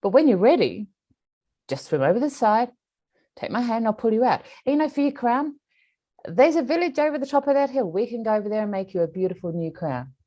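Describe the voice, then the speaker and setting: A woman voicing a calm, patient healer who firmly and kindly refuses to get in the pond. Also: a little high, fairly quick, voice pushed up.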